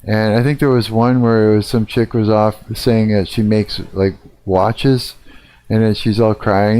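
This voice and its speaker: A man's voice: lowish voice, level tone, unhurried, a little mellow, clear, resonant tone. Profane middle-aged man ranting on stream. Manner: profane, ranting, rambling with fillers. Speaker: live streamer. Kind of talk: casual live-stream rant.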